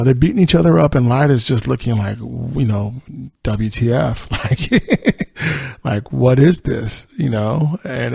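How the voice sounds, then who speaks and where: Gravelly-voiced man recapping a show. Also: medium pitch, a little mellow, no echo. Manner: chatty, many fillers, quotes characters in his own voice. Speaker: podcast host. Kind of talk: casual episode recap.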